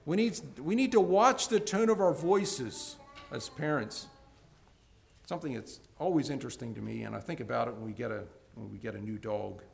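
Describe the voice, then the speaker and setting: A man preaches to a congregation with lively intonation, a moderate pace, and vocal fry. He alternates between loud, emphatic peaks and soft, low passages, often repeating words as he restarts.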